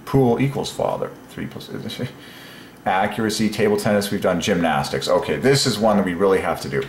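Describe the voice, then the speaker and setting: A man with a slightly low voice talks through puzzles by himself, marveling aloud and chuckling as he goes. The room around him is roomy and echoey, with a faint hum of ambience underneath. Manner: enthusiastic, marvels aloud, chuckles between points. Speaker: solo presenter of word-number puzzles. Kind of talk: excited thinking-aloud monologue.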